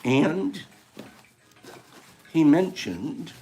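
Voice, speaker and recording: An older man hosting a casual live stream, opening gifts and telling stories in an animated, warm way, laughing now and then. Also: on the high side, very slow, slight background noise. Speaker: host of a live tea-time stream. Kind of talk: casual chat, opening gifts and reading cards.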